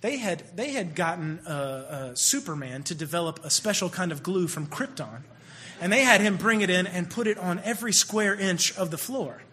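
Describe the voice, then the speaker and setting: A man tells stories in a sermon, his voice high and bright. He drops to near-whispers, then surges back loud and animated. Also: normal speed. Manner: animated, swings between hushed and loud. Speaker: youth minister. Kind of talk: sermon storytelling.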